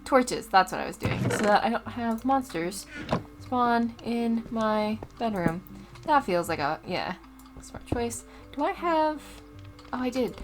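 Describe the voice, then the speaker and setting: A young woman hosting a Let's Play chats casually about her gameplay over music, easily distracted and given to loud startled outbursts. Her voice is on the high side, animated, and a little slow.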